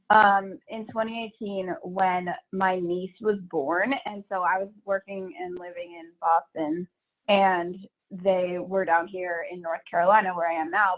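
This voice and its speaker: Candid woman on a tinny line. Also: medium pitch. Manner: candid, swears casually, laughs often. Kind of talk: casual podcast chat.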